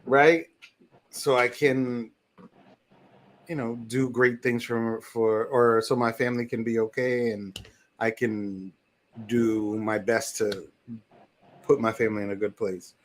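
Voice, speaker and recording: A relaxed man, co-hosting a casual podcast. He talks in an easygoing, joking way and drifts between topics at a loose, unhurried pace. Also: mid-range voice, a little hiss or hum. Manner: laid-back, joking, reads a closing quote. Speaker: podcast co-host. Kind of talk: casual chat.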